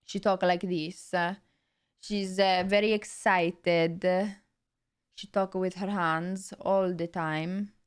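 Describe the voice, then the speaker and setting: A woman voicing an excitable old Italian grandmother in a put-on Italian accent, speaking slow broken English sprinkled with Italian words. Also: on the low side, clean tone. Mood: excited.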